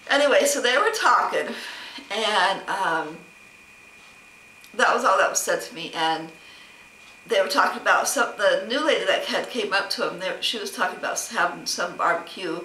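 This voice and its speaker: A woman's voice: mid-range voice, animated, normal speed, pushed and bright, distant mic, a little hiss or hum. A woman vlogger telling a long, rambling story about being snubbed, with an aggrieved tone and plenty of quoted back-and-forth. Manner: rambling, aggrieved retelling with many quoted exchanges. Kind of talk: casual personal storytelling vlog. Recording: roomy, off-mic with faint ambience.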